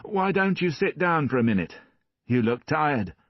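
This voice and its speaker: A man voicing a big, red-haired innkeeper's wife who briskly invites a tired stranger to sit, in an audiobook. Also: on the high side, very animated, no room sound, dull audio, pitched above the performer's own voice. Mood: inviting.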